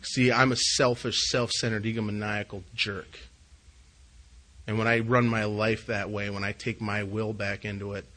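Bright-voiced man sharing recovery story. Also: lowish voice, flat delivery, moderate pace, rough recording. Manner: earnest, confessional, swings between hushed and loud. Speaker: recovery meeting speaker. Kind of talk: personal testimony at a recovery meeting.

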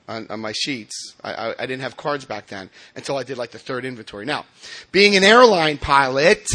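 A man from New Jersey telling his recovery story to a meeting, animated and self-mocking, with laughs and restarts. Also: mid-range voice. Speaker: recovering alcoholic speaker.

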